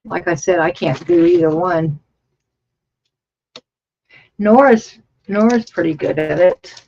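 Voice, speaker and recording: A woman's voice: lowish voice, slow pace, a little mellow, highs cut off. A woman in her fifties hosting a casual livestream from her home craft studio, rambling and chatty as she thinks aloud over her work. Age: 50s. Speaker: livestream host.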